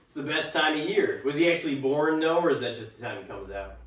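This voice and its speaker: Lively-voiced man hosting, echoey room. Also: a little high, fast. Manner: laughs often, asks the questions. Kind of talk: casual podcast chat. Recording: roomy echo, far from the mic.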